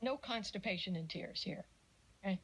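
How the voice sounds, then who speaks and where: A middle-aged woman giving a casual lecture on parenting, chatty and animated, with jokey asides and little acted-out quotes. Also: mid-range voice, normal speed, vocal fry, slight background noise, poor audio. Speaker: speaker giving a talk on parenting.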